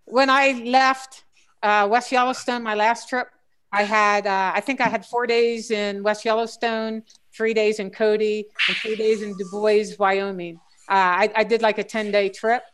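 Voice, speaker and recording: A woman's voice: mid-range voice, little pitch movement, moderate pace, a bit bright, clean tone. A woman guest on a casual group chat, talking in long rambling stretches with frequent restarts and fillers. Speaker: guest treasure hunter.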